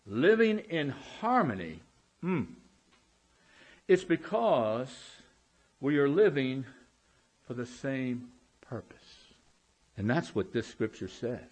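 A man's voice: medium pitch, animated, darkish tone. A man preaching a sermon as pastor in a church, emphatic and drawing out key words, calling out for amens. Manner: emphatic, slow drawn-out words, calls out for amens. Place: church sanctuary.

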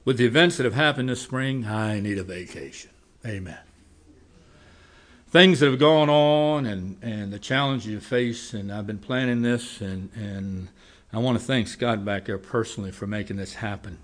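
In a lowish voice, a man preaches a sermon, spinning a homespun story in folksy fashion and shifting from loud, rapid lines to slow, quiet ones.

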